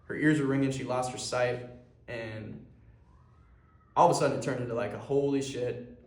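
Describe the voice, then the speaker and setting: A young man who founded a clothing brand talks earnestly to camera in a personal vlog monologue, rambling and using plenty of fillers. His medium-pitched voice stays steady at a moderate pace, and the room is echoey.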